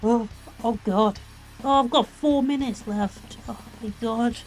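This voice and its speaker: A woman's voice: on the high side, a little slow, soft background music. A woman casually reviewing online videos, retelling the plot in a rambling, giggly, exclamatory way.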